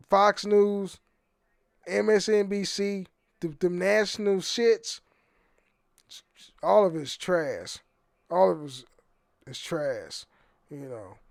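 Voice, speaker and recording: A young man with a fairly high voice rambles through his own podcast, swearing freely and tripping over repeated words. The sound is close and dry, with no room around it. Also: vocal fry, a little mellow, clear, resonant tone, no echo. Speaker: podcast host. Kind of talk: rambling casual monologue.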